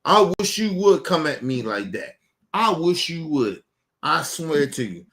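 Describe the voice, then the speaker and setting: A man's voice: fairly high pitch, big pitch swings, a little slow, a bit bright. Cursing man ranting at his viewers. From Baltimore. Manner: emphatic, blunt, cursing, repeats himself; addresses viewers directly, urging them. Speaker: online show host. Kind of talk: profane commentary rant.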